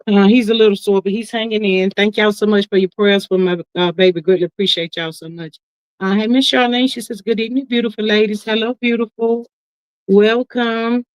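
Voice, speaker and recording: Here a middle-aged woman runs a live stream, calling people honey and child while she goes through viewer comments in a folksy, easygoing chat. She speaks in a steady, mid-range voice, chatty and emphatic, drifting into long asides. There's no echo; the audio is dry, lo-fi, and a touch muffled.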